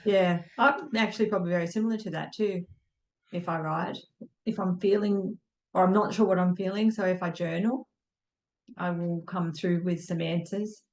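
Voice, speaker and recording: Woman, podcast guest, low pitch, reflective, searching for words, echoey room. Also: fairly even intonation, normal speed, lo-fi sound. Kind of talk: reflective casual conversation. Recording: roomy echo.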